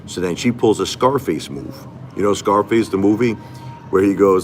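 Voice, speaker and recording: An aggrieved man talks straight to his live-stream viewers in a casual monologue. He repeats himself and keeps asking them rhetorical questions. His voice sits fairly low, and faint music plays behind him. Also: animated, moderate pace, darkish tone.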